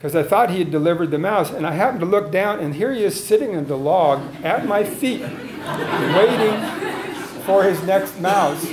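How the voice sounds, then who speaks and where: A man's voice: high-pitched, expressive, a little fast, hardly any pauses, a crowd in the background, background noise. A man giving a live public lecture as a wildlife biologist, talking conversationally, telling field stories and asking the audience questions. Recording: echoey room sound.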